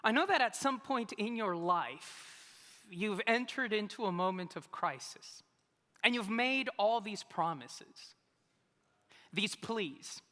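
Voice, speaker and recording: Animated, bright-voiced pastor in a reverberant hall. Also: male voice, sits high, slow pace. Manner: humorous, self-mocking storytelling. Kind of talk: storytelling sermon. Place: church sanctuary.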